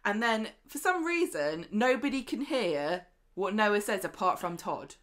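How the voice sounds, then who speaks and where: Woman, podcast co-host, lively storyteller, mid pitch, chatty recap. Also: unhurried. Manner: animated retelling, acting out characters' lines. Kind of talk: casual chat recapping a soap.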